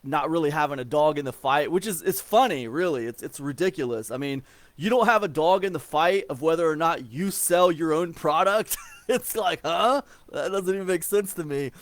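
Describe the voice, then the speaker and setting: Speaking at a normal speed in a somewhat high, animated voice, a forties-aged man from Ohio loosely explains email marketing. He wanders, stacking up fillers, repeating words, and starting over, and there's no room sound.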